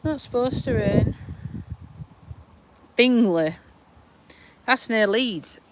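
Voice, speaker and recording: A woman's voice: medium pitch, background noise. A middle-aged woman from Lincolnshire with a South Yorkshire twang, chatting casually on a livestream from her back garden, rambling and sighing as she answers viewers. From Lincolnshire, England. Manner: slow, rambling, sighing, talks to viewers' comments. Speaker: vlogger on a livestream.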